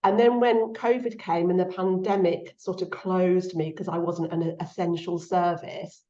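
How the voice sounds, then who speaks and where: A woman's voice: fairly low pitch, steady tone, unhurried. A middle-aged woman speaking casually and heartfelt as a guest, her voice rising when she quotes others. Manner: soft-spoken and heartfelt, lifts her voice when quoting. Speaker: guest author. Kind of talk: casual conversational interview. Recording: echoey, slightly dull sound.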